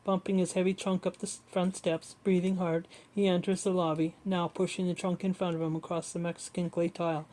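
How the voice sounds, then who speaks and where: A woman reads a memoir aloud at home in a level, even tone, her voice sitting a little low and sounding mellow. She reads steadily but often trips over a word and goes back to fix it. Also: fairly quick, few pauses, poor audio. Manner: steady reading with frequent slips and self-corrections. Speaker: audiobook reader.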